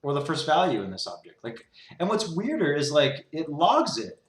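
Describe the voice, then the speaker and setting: A man's voice: on the high side, sing-song, normal speed. A young man rambling and exasperated as he talks through his own code in a casual way, leaning on "like" constantly. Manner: exasperated, rambling, heavy use of "like". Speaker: programmer streaming his coding. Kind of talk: casual talk-through while coding. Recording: roomy echo.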